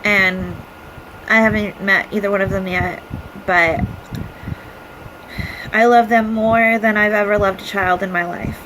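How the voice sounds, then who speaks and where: A young woman talks straight to the camera in a personal video message, her voice halting and emotional as she fights back tears. Her pitch sits in an ordinary middle range, and she trails off into frequent pauses and fillers. A clear hum of air conditioning runs under the whole recording. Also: steady tone, a bit bright, low-quality recording. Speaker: vlogger.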